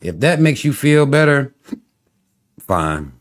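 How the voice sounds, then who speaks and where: A man's voice: mid-range voice, very animated, slow pace. A man hosting a casual livestream, talking to viewers and reading their comments, often breaking into laughter and teasing in a loose, rambling way.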